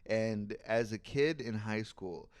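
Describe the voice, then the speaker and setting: A man's voice: fairly low pitch, takes it slowly, clear, resonant tone, no echo. Solo podcast host, man in his twenties: casual rambling monologue, clean resonant tone, dry booth sound. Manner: rambling, thinking aloud, swears freely. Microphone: studio microphone.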